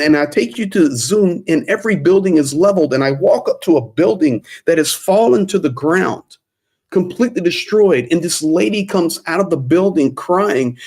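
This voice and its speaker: A man's voice: on the high side, darkish tone, husky. An American man talking on a video call, fervent and preachy, repeating himself for emphasis. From United States. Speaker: aid volunteer guest. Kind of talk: impassioned panel talk.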